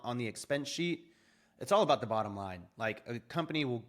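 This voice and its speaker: Animated young man telling his story. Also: mid-range voice, a little fast. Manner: animated, acts out quoted dialogue with laughs. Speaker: podcast guest. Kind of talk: casual interview storytelling.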